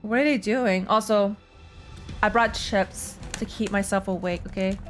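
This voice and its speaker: A woman's voice: mid-range voice, fairly even intonation, a little slow, faint music behind. A tired young woman streaming, giving chatty, rambling reaction commentary on a game. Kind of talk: casual gaming reaction commentary.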